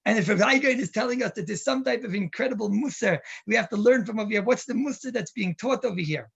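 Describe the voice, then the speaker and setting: Man, rabbi, animated sermon, gravelly, husky. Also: high voice, quick pace, muffled recording. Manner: animated, emphatic, full of asides. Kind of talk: sermon with storytelling.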